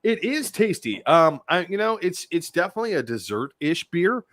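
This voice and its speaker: A man co-hosting a podcast, describing beer flavors in a casual, halting way full of restarts. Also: high voice, very animated, fairly bright tone, dry recording. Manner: hesitant, lots of restarts and fillers, descriptive. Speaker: podcast co-host. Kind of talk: casual chat, beer review.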